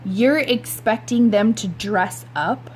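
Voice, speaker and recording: A grumbling middle-aged father from a read-aloud novel, sarcastic and defensive, voiced by a woman. He mutters his objections rather than shouting them. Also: medium pitch, slow pace, a little hiss or hum, close to an everyday voice.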